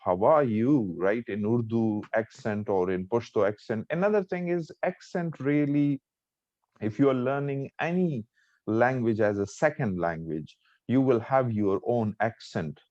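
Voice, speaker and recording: A man's voice: medium pitch, moderate pace, dark tone, no room sound, highs cut off. Pakistani man teaching spoken English. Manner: repeats example sentences in changing tones. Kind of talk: classroom lecture.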